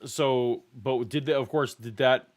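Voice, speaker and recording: A man hosting a casual podcast. He talks in halting phrases and pauses to search for words. Relaxed and conversational. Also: mid-range voice. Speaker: podcast host. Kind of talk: casual chat.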